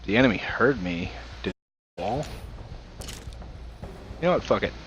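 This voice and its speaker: A man's voice: lowish voice, expressive, unhurried, dull audio, slight background noise. A man with a light Southern US accent, chatting loosely with a friend during a game and rambling with many "like"s. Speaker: gaming friend on voice chat. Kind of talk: casual chat while gaming.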